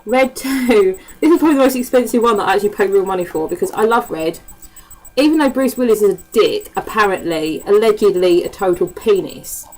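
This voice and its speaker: A woman's voice: medium pitch, brisk, rough recording. A woman from the East End of London with a Cockney accent, chatting casually to camera as a vlogger, swearing freely and filling her talk with ums. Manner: chatty and swears freely, with frequent laughs and fillers. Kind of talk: casual chat.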